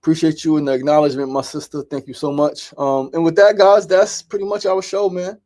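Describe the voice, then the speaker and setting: A man's voice: on the high side, level tone, a little fast, a little mellow. A middle-aged man hosting a daily talk show, speaking casually and openly, swearing often, repeating phrases and checking in with "right?".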